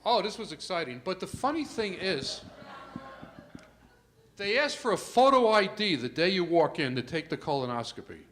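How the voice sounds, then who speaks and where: An older man doing a stand-up comedy set in a club, telling stories with asides to the crowd and getting louder for the punchlines. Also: high-pitched, very animated, normal speed, slight background noise. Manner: storytelling with asides to the crowd, rising loud for punchlines.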